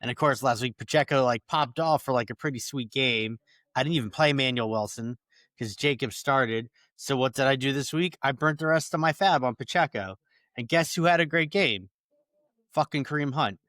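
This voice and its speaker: Man, casual podcast chat, middle pitch, dry close sound, rambling, swearing. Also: normal speed, a bit bright, no room sound. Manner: rambling, swears freely, laughs at himself. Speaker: podcast co-host.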